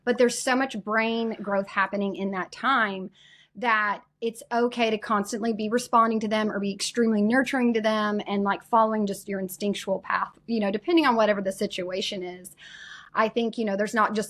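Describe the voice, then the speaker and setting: A woman's voice: medium pitch, fairly even intonation, brisk. A woman co-hosting a casual parenting conversation, rambling with many fillers.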